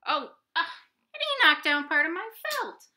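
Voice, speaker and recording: A woman's voice: very high-pitched, sing-song, normal speed, bright, forceful tone. A woman hosting a library storytime from her home, reading a picture book aloud to children with gasps and playful sound effects.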